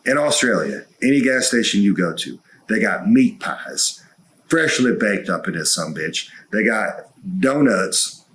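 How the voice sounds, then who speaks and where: A man co-hosting a podcast, telling stories in a folksy, profane, excitable way. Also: lowish voice, measured pace. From United States. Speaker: podcast co-host, wrestler. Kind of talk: casual chat.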